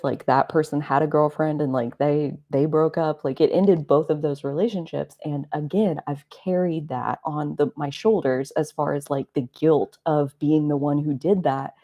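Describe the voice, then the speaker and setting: A woman in her thirties hosts an astrology live stream, telling personal stories in a rambling, confessional, reflective way with many "like" fillers. Her voice is low and dark-toned, captured on a live stream mic.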